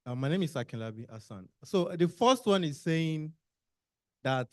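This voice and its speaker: A man's voice: a little high, expressive, moderate pace, no echo, studio quality. A man, a workshop participant answering a question hesitantly. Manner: hesitant, with fillers and restarts.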